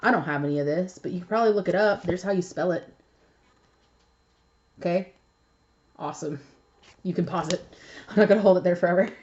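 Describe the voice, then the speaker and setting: A woman's voice: on the low side, a little fast, long pauses, darkish tone, lo-fi sound, slight background noise. A young woman giving a casual tarot reading, chatty and blunt, swearing freely and laughing often. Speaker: tarot reader.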